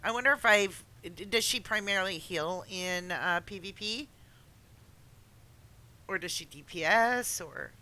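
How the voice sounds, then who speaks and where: A woman hosting a casual chat, talking in a chatty way with many uhs and halting starts. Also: mid-range voice, sharp tone. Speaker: host.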